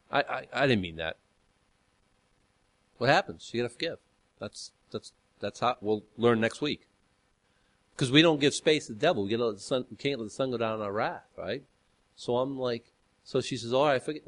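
Animated, stammering male preacher. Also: medium pitch. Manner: animated storytelling, many restarts and fillers. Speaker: pastor. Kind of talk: sermon.

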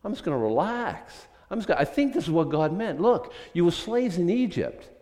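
Conversational male pastor, rhetorical and animated, church hall reverb. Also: sits high, fairly quick. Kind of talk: sermon.

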